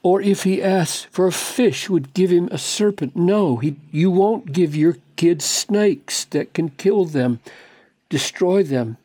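A man delivering an expository Bible teaching at a slow, deliberate pace. His voice sits a little high for a man yet sounds mellow and dark. He speaks emphatically, posing rhetorical questions and sinking into low, hushed tones. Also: dry recording, clean studio sound.

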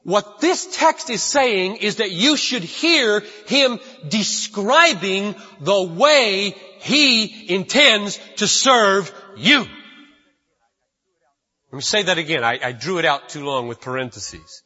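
A man's voice: sits high, animated, slow pace, sharp tone, slightly rough. A man preaching a sermon as pastor, emphatic and repeating his key phrases, recorded in a church. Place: church sanctuary. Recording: dull lo-fi sound with long hall reverb.

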